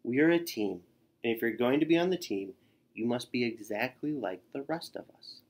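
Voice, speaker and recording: A man's voice: medium pitch, animated, moderate pace. A man voicing a group of bossy, demanding penguin teammates who lecture sternly, read from a storybook.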